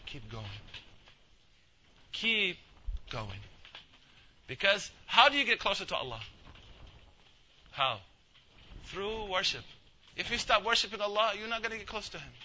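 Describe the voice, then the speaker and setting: Guy giving a chill religious talk, kinda high bright voice, jokey, a bit muffled. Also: a little hiss or hum. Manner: conversational and humorous, acts out quotes in asides. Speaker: Islamic lecturer. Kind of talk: casual religious lecture.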